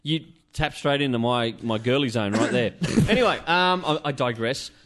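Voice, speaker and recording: A man's voice: mid-range voice, expressive, moderate pace, fairly bright tone. An Australian man hosting a podcast in casual banter, rambling, swearing and laughing as he talks. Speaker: podcast host.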